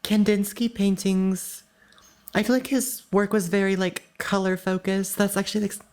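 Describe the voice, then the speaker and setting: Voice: mid-range voice, level tone, normal speed, darkish tone. A podcast co-host speaking in casual, offhand chat with many fillers.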